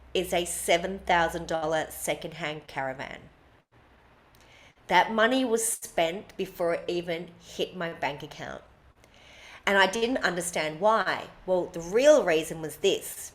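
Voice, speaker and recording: A woman's voice: fairly low pitch, fairly bright tone. Woman podcast co-host, blunt, emphatic storyteller, swears casually. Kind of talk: casual chat, personal storytelling.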